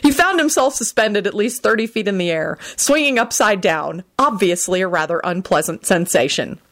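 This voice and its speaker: Animated woman reading a story. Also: mid-range voice, moderate pace. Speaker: narrator. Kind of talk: fan-fiction audiobook reading.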